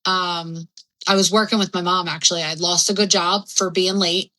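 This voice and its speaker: Young woman spilling her story on a podcast, bright edgy voice, rambly, swears a lot. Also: lowish voice, fairly even intonation, moderate pace, poor audio. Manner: rambling and frank, heavy on fillers and swearing. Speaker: podcast guest. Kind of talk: candid personal storytelling.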